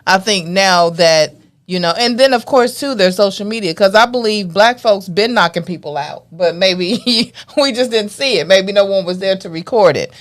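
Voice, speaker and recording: Unhurried woman co-host making points. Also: mid-range voice. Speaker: podcast co-host. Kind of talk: casual chat.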